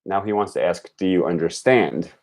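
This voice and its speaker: A young man thinking aloud on a live stream, slowly repeating words as he practises them. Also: low-pitched, a little mellow. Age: young adult. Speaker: language learner streaming. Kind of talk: casual live-stream commentary.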